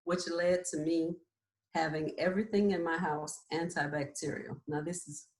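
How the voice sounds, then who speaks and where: A woman's voice: fairly low pitch, fairly even intonation, moderate pace, darkish tone. A woman in her forties, a nurse practitioner, earnestly explaining and sharing her own story, often checking in with "right?". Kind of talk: candid personal storytelling. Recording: roomy echo.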